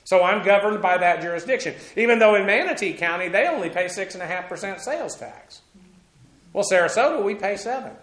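In an echoey room, a male pastor teaches scripture during a sermon in a chatty style, often restarting and using fillers. He sounds animated and brisk, pitched high with a slightly bright edge.

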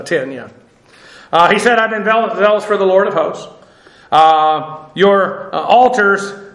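A man teaching a verse-by-verse Bible lecture in a conversational way, halting with fillers and restarts and dropping dry asides. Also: high-pitched, fairly bright tone, echoey room, poor audio.

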